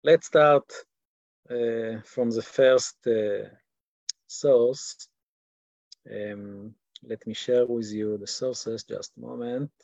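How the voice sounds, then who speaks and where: Halting Israeli man teaching online. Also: mid-range voice, fairly even intonation, vocal fry, a little mellow, no room sound, highs cut off. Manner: halting, repeats words while searching for English. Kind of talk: online class lecture. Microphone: video call.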